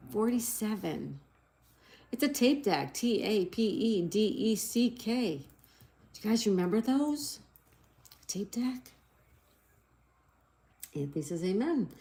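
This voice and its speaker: A woman's voice: mid-range voice, warm tone. A middle-aged woman hosting a casual livestream, reading out viewer comments and spelling crossword answers letter by letter in a cheerful, chatty way. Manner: apologetic over slips. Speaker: livestream host.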